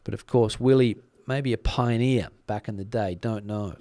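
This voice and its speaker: A man's voice: lowish voice, steady tone, moderate pace, mellow, no echo. A middle-aged man with an Australian accent, casually chatting on a live stream, rambling with plenty of fillers and restarts. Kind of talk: casual live-stream chat reading comments.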